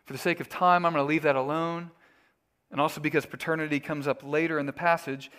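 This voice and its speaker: A man's voice: a little high, steady tone, quick pace, fairly bright tone. A male pastor preaching a sermon in an earnest, emphatic, storytelling way.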